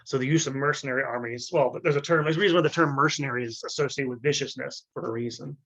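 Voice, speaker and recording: A man giving an unscripted history lecture, halting and full of fillers and restarts, often clearing his throat. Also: mid-range voice, steady tone, a bit bright, muffled recording.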